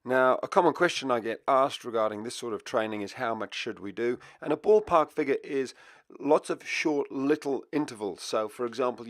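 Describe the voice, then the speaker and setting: A man's voice: mid-range voice, a bit bright, dry recording. Upbeat male dog trainer, dry voice-over. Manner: upbeat, explanatory. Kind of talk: instructional voice-over.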